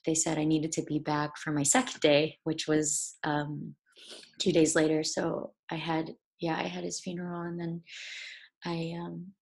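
Low, gravelly-voiced young woman. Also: monotone. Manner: halting, with many restarts and fillers. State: tearful, voice breaking. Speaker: actor guest. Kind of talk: personal storytelling in an interview.

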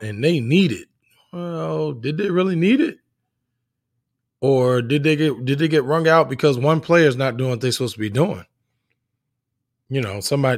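A middle-aged man talks in an earnest, rambling way, often restarting his sentences. His voice sits at a medium pitch. The sound is dry and close, with no room echo. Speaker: parent of young athletes. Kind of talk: casual monologue.

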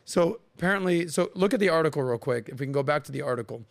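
A man in his forties hosts a podcast in a casual chat, speaking fast in a slightly high, gravelly voice. He's an animated storyteller who acts out accents and voices as he goes.

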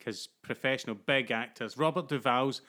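A man with a Glaswegian Scottish accent, an actor guest talking in casual podcast chat, animated and sweary, often restarting his phrases. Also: medium pitch, normal speed.

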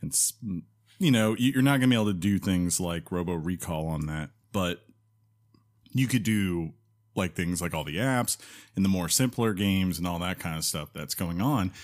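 A man's voice: low voice, animated, moderate pace. A man co-hosting a podcast in casual chat, rambling with fillers and self-corrections. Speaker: podcast co-host.

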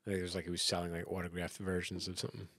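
A man co-hosting a casual music chat, talking in rambling, halting runs with many fillers and restarts. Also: low voice, completely flat delivery, a bit bright, no room sound, clean studio sound. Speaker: podcast co-host.

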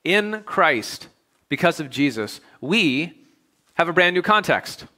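A male pastor preaching a sermon, stacking repeated phrases with rising emphasis and then dropping into quiet, conversational asides. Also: on the high side, very animated, slow.

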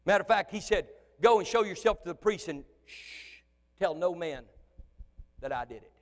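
High-voiced pastor preaching in a reverberant hall. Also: male voice, moderate pace. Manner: animated preaching that swings between shouting and soft asides. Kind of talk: sermon. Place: church sanctuary. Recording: long church hall reverb.

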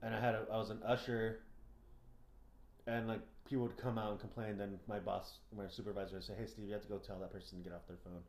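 A man's voice: fairly low pitch, fast talker. Profane ranting young man in a roomy house. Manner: swears a lot, rants with animated quoting. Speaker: podcast co-host. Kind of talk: casual profane chat.

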